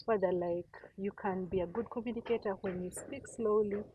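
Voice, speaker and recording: A woman's voice: mid-range voice, fairly even intonation, moderate pace, phone-quality sound. A woman co-hosting a casual panel chat, speaking reflectively and often repeating herself. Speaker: podcast co-host. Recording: slightly distant mic, faint noise.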